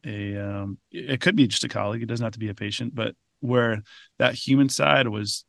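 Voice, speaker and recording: A man's voice: mid-range voice, moderate pace, vocal fry, a bit bright, dry recording, clean studio sound. A male podcast host asking a long, rambling question, restarting himself as he goes. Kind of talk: interview questioning.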